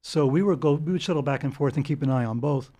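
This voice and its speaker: An older man, telling long anecdotes as a guest in an interview, animated and chuckling. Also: medium pitch, fast talker. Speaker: guest author. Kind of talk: storytelling interview.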